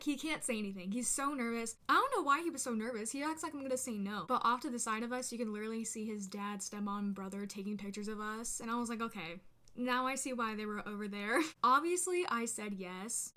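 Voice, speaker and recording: A young woman vlogger chatting casually to the camera, telling a storytime with lots of "like" fillers and animated asides. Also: on the high side.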